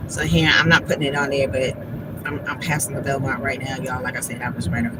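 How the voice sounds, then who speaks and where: A woman's voice: rumbling low, steady tone, a little fast, noisy background. A woman hosting a casual livestream from her car, venting emotionally and bluntly with lots of filler words and swearing. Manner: emotional, rambling, heavy filler "like"; blunt and profane. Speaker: livestream host. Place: in a moving car.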